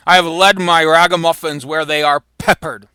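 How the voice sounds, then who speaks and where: A man's voice: on the high side, steady tone, moderate pace, bright, forceful tone, smooth, no room sound. A man reading the lines of a boastful, joking old knight in a Shakespeare play.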